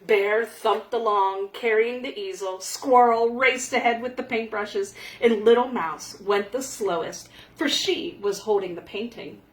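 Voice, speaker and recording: A woman reading a children's picture book aloud in a gentle, expressive way. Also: mid-range voice, unhurried, hardly any pauses. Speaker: storyteller. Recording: echoey room.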